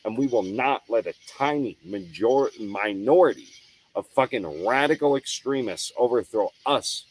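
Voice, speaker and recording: Man, heated profane rant, unscripted, emphatic, mid-pitched voice, frequent restarts. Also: lively intonation, normal speed, slightly rough, low-quality recording. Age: adult. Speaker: show host. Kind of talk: unscripted monologue.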